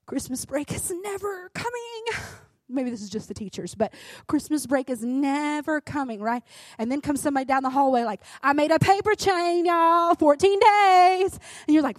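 Woman in her thirties, bright high voice, folksy devotional speaker who builds to fervent urging. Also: no room sound. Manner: chatty, keeps asking "right?"; emphatic, rises to fervent urging. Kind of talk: conversational sermon.

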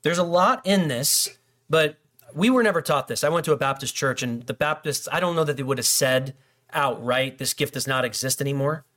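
A middle-aged male pastor, fairly high in pitch with a fairly bright tone, preaches at a moderate pace. The sermon is conversational and casual, full of jokes and mini dialogues he acts out between people.

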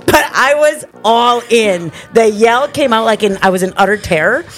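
A middle-aged woman co-hosting a casual podcast chat, telling stories with loud acted-out quotes, big laughs and lots of swearing. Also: a little high, expressive, normal speed, soft background music. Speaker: podcast co-host. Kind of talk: casual chat, animated storytelling.

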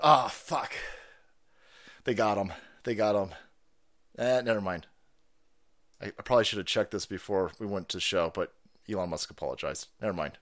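This streamer host has a fairly low, expressive voice, slightly bright and brisk. His political stream is a foul-mouthed rant punctuated by frequent laughter.

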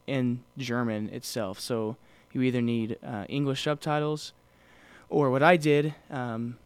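This is a man with a smooth, clear voice, co-hosting a podcast in a loose, rambling way, full of ums and restarts. He sounds close and dry, with no room around him. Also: mid-range voice, fairly even intonation, unhurried, no echo. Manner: rambling, many fillers and restarts. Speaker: podcast co-host. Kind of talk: casual chat.

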